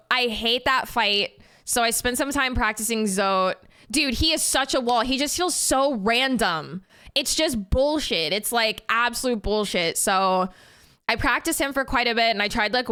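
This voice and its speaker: Woman streamer, casual and giggly, clear bright tone. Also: fairly high pitch. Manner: giggly, rambling and chatty. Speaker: game streamer. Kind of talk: casual live-stream chat.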